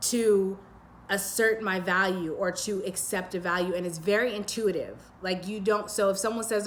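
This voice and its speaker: Woman tarot reader, mid-pitched, meandering and soothing, faint room hum. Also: normal speed. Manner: rambling and intuitive, many "like" fillers and restarts. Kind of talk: pick-a-pile tarot reading.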